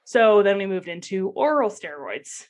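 Animated young woman telling a story. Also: mid-range voice, a little slow. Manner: animated, laughs often, acts out quoted voices. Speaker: guest sharing personal story. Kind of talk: casual conversational storytelling.

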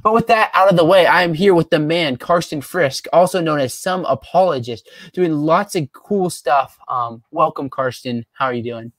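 A man's voice: on the high side, normal speed, few pauses, no echo. A young man hosting a podcast, chatting casually and upbeat, with many "um" and "like" fillers. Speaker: podcast host. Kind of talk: casual interview chat.

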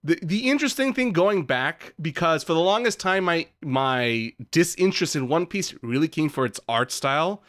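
Smooth-voiced man rambling on a podcast. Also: a little high, lively intonation, normal speed, hardly any pauses, a bit bright, dry recording, clean studio sound. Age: adult who calls himself old. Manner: rambling, joking, profane. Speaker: podcast co-host. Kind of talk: casual chat.

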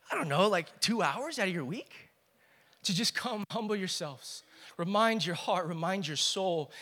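A young man preaching a sermon as pastor, swinging from loud exhortation to quiet, hushed storytelling. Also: high voice.

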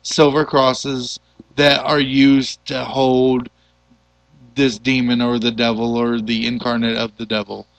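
A man hosting a casual movie podcast, retelling a film plot in an animated, loose way with the odd curse. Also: mid-range voice, slow, creaky, no room sound, rough recording. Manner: animated storyteller, loose and profane. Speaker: podcast host.

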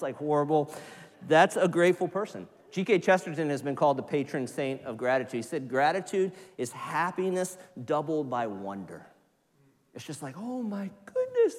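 A man preaching a sermon to his congregation, animated, sometimes putting on excited voices. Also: mid-range voice. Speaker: pastor. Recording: church hall reverb.

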